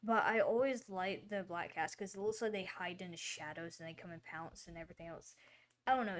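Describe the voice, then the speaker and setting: A woman hosting a casual livestream, talking in a rambling, chatty way with lots of fillers and apologies. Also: fairly low pitch. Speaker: livestream host.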